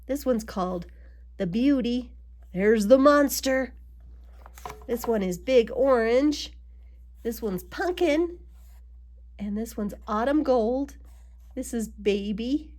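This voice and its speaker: A woman reading a children's picture book aloud, adding gentle asides to her young listeners. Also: mid-range voice. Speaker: storybook reader.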